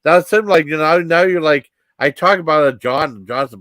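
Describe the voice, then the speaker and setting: A man in his fifties telling rambling personal stories as a vlog host, halting with many fillers and restarts. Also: a little high, lively intonation, a bit bright, no room sound.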